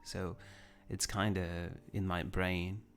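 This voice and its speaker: A man's voice: low-pitched, flat delivery, takes it slowly. A man chatting casually on a livestream, rambling and restarting his sentences as he answers viewers. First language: French. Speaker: livestream host. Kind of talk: casual chat, reading viewer comments.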